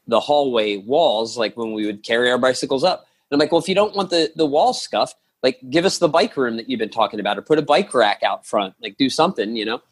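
A man's voice: medium pitch, a little fast, few pauses, husky. A man telling a long story as a podcast guest, rambling with many restarts and acting out the quotes. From lives in New York. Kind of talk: casual storytelling.

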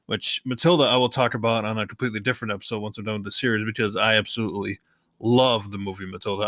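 A man with a bright, forward voice chats casually through a movie recap on his podcast. He rambles, restarts his sentences, and now and then jumps into other characters' lines. The recording is close and dry, with no room sound. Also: mid-range voice, dry recording. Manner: rambling, chatty, self-correcting, playfully acts out lines. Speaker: podcast host.

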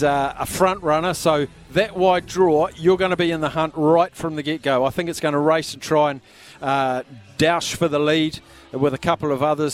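An Australian man hosting a live radio call-in sweepstake from a pub, speaking up over the noise. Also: on the high side. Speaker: radio host.

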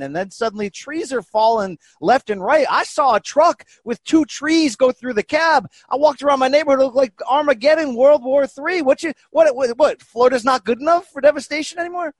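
A man hosting a podcast, talking in a hyped, jokey, animated way. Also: very high voice, fairly quick, no room sound. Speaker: podcast host. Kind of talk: energetic podcast chat.

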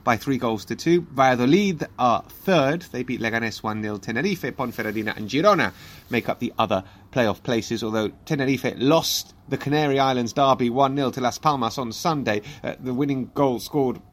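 A man co-hosting a football podcast, chatting casually and running through results and fixtures. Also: mid-range voice. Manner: chatty, lively, runs through results in quick rundowns. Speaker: podcast co-host.

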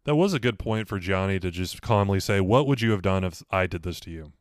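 Animated profane man, low voice. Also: brisk, dry recording, studio quality. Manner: animated, profane, loud mock impressions. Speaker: podcast co-host. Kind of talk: casual chat.

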